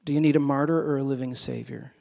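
Preacher in an echoing hall. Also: male voice, mid-range voice, fairly even intonation, fast talker, creaky. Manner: dramatic, swings between hushed and emphatic. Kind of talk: sermon. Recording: long hall reverb.

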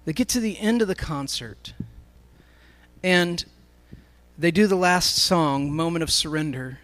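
A man's voice: fairly high pitch, a little slow, a bit bright. A man speaking to a live congregation, telling a story in a sermon as he addresses the crowd directly.

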